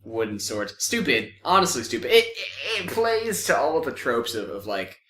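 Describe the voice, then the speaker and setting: A man's voice: mid-range voice, very animated, normal speed, pushed and bright, roomy sound, slight background noise. A man co-hosting a podcast, chatting casually about a movie, laughing often and adding dry quips. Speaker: podcast co-host. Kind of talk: casual movie review chat.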